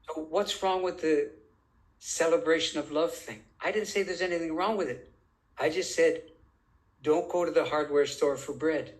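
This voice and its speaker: A man's voice: a little high, rough recording. A man speaking as an interview guest, making his point emphatically and drawing out phrases as he poses rhetorical questions. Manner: deliberate, drawn-out phrasing. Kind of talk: conversational interview.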